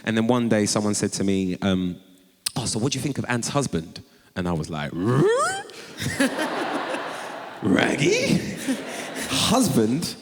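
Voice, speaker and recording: A low-voiced man tells stories on stage, animated and quick to leap into high-pitched quoted exclamations. His voice rings out with a long reverb through a large chapel hall. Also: slight background noise. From North London. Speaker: author and guest. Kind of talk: conversational storytelling on stage. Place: large chapel before a live audience.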